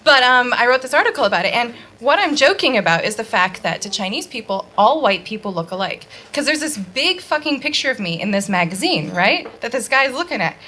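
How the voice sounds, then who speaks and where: A Detroit-born American woman performs a loose, rambling stand-up set into a handheld mic at a bar, laughing at her own jokes while the live crowd's laughter rises around her. Her voice sits on the high side with wide pitch swings, moving a little fast with almost no pauses, and it sounds pushed and bright.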